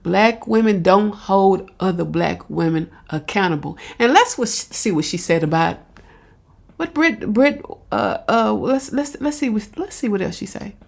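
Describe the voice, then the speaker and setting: Slow, gravelly woman commentator. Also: mid-range voice, lively intonation, a little mellow. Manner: blunt, repeats herself, talks back to the clip. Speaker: commentator reacting to a video. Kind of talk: casual reaction commentary.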